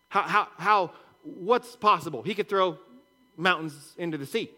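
A man's voice: sits high, expressive, normal speed, pushed and bright. A man preaching a sermon as a pastor, earnest and full of rhetorical questions and repetition.

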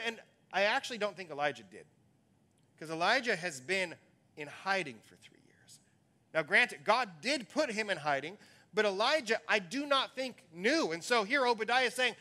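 A man's voice: sits high, animated, normal speed, bright, forceful tone. A man, a pastor, giving a conversational sermon that teaches through a Bible story and muses aloud on it.

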